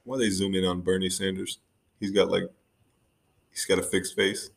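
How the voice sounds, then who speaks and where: A man's voice: low voice, flat delivery, normal speed, gravelly, a little hiss or hum. A man hosting a podcast, making offhand mocking comments over clips. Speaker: podcast host. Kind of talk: casual commentary.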